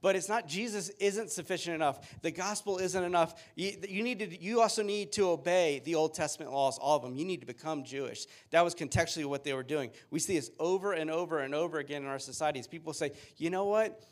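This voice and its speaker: High-voiced preaching man. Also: fast talker, hardly any pauses. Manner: earnest preaching, reading scripture aloud. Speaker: pastor. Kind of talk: sermon.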